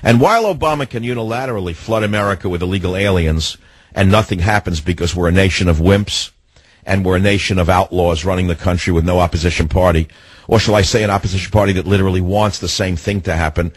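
A man's voice: deep voice, quick pace, slightly rough, no room sound, rough recording. An older man hosting a political talk radio show, delivering an emphatic, combative monologue with lots of repetition.

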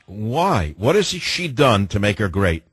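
A man's voice: on the low side, sing-song, a little slow, husky, dry recording. A man hosting a talk radio show, sarcastic and wisecracking, from New York. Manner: sardonic, wisecracking.

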